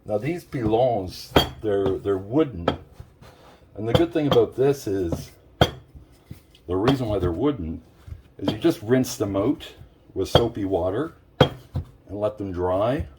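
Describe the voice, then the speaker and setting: Low-voiced man chatting through a cooking demo. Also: lively intonation, slow, pauses often, heavy background noise. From Puerto Rico. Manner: chatty, talks straight to viewers as "folks". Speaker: cooking show host. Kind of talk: casual cooking demonstration. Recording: clear clatter of dishes and utensils.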